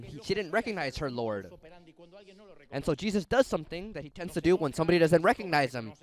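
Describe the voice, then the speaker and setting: Speaking fast with a voice on the high side, a middle-aged man gives a sermon as animated, conversational storytelling, talking right to his listeners.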